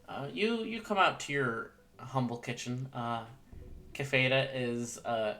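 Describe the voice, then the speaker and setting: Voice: medium pitch, a little slow, sharp tone, soft background music. A game master narrating a tabletop role-playing scene, hesitant and full of filler sounds.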